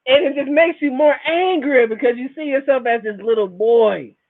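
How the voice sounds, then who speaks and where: A man in his thirties talking in a casual monologue, animated and repetitive, full of swearing and rhetorical questions. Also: very high voice, normal speed. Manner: animated, repetitive, profane storytelling. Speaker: podcast host. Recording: tinny phone-like recording.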